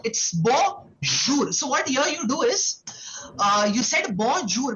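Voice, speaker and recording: A woman's voice: high voice, sharp tone, slight background noise, low-quality recording. A woman teaching a French class to children online. She explains patiently, repeats words, and keeps checking in with "okay?" and "right?". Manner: explains patiently, with many "okay"s and tag questions.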